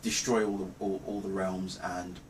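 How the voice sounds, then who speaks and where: A man recapping a film's plot in a casual review, rambling and halting with many ums and restarts. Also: sits low, level tone, a little hiss or hum. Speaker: movie reviewer. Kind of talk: casual spoken film review.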